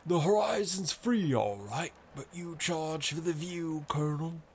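A man voicing a scrawny bearded sailor with a husky, eerie drawl. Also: mid-range voice, lively intonation, takes it slowly, a little hiss or hum, voice pushed up. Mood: lazy.

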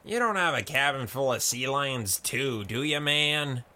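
A man's voice: medium pitch, animated, measured pace, bright, forceful tone, voice pushed up. A man voicing a stubborn male colonel who insists and speaks urgently. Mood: mocking.

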